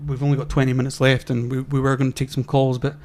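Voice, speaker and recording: A man talks his way through a casual podcast conversation at a middling pitch. He rambles and circles back, with plenty of ums, restarts and half-finished phrases. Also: little pitch movement, quick pace, a little mellow. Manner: rambling, many fillers and restarts. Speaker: podcast co-host. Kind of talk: casual chat.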